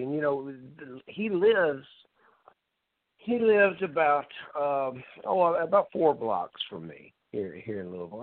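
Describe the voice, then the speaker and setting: A man's voice: medium pitch, no echo. A man co-hosting a show, reminiscing in a loose, conversational way with fillers. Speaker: co-host. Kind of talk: casual storytelling. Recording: dry phone-line audio.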